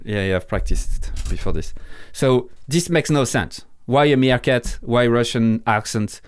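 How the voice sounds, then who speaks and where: A man's voice: mid-range voice, a little slow, clear, resonant tone, no room sound, clean studio sound. A man with a French accent, a podcast guest in casual interview talk, blunt and swearing freely, often restarting his sentences. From France.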